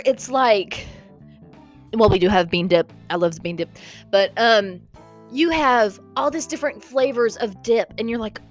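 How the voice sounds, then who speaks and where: A woman's voice: on the high side, normal speed, faint music behind. A young woman, rambling animatedly in a casual vlog and sounding a bit out of breath. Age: young adult. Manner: animated, rambling, lots of "okay?" and "like". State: slightly out of breath. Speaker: vlogger.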